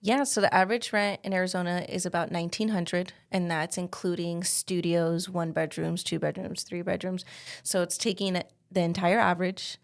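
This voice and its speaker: Telling stories as a guest in a relaxed interview, a female realtor sprinkles her speech heavily with "like." Her voice sits lowish, stays flat, and moves at a moderate pace.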